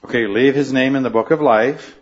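A man's voice: mid-range voice, brisk. Earnest man teaching a Bible class. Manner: earnest, questioning the class, frequent restarts. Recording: muffled lo-fi recording.

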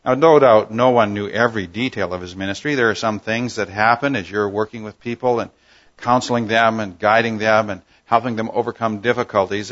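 Unhurried male Bible teacher, muffled. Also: fairly low pitch, a bit bright. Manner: unhurried, thoughtful, with frequent "uh" pauses.

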